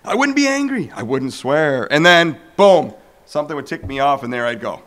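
A man preaches with animated energy, acting out little dialogues as he tells his story. His voice sits a bit high and swoops up and down all the time. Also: moderate pace. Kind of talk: storytelling sermon.

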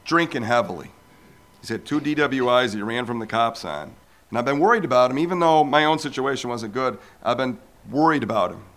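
A man in his forties telling a personal faith story, animated and acting out the voices of people he quotes. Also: fairly quick. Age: 40s. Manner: animated storyteller who acts out quoted voices with big pitch jumps. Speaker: speaker sharing a personal testimony. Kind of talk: storytelling testimony talk.

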